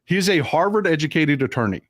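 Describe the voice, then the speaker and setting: A man from Texas hosting a casual live-stream chat, talking in a joking, animated way. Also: fairly high pitch, quick pace, no room sound, studio quality. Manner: chatty, joking, animated storytelling. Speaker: host.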